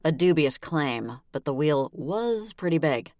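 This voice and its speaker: An audiobook narrator with a very low voice tells a first-person story in a wry, lively way. She goes a little slowly, and the recording is dry and studio quality.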